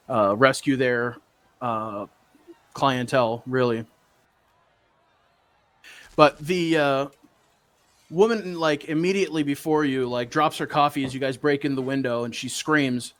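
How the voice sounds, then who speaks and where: A man narrates a tabletop game as its game master. He rambles and pads his lines with fillers, and his voice sits at an ordinary middle pitch. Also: a bit bright.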